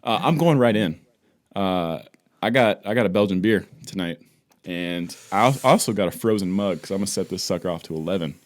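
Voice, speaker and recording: A man's voice: deep voice, expressive, fairly quick. A man co-hosting a casual podcast, playful and teasing, chatting in an upbeat way. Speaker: podcast co-host. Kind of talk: casual chat.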